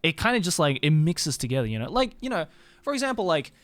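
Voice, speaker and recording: Tired Australian man, lively voice. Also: fairly high pitch, fast, no echo. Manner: rambling, swears casually, answers chat. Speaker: streamer. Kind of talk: casual chat with stream viewers. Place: Tokyo.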